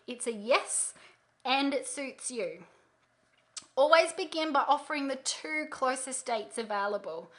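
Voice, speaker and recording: Upbeat female webinar host, high and bright, emphatic teacher. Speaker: sales trainer hosting a webinar. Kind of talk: live webinar training.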